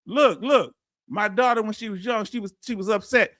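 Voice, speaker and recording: Middle-aged Southern host, high tenor, dry close sound, folksy and preachy on a live chat stream. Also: male voice, normal speed, fairly bright tone, no room sound. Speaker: veterans benefits channel host. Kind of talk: livestream reading viewer comments.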